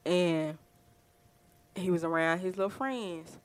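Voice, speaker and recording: A woman's voice: lowish voice, slow pace. Chatty woman, rambling storyteller. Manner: chatty, rambling, lots of fillers. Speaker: podcast host. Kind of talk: casual storytelling.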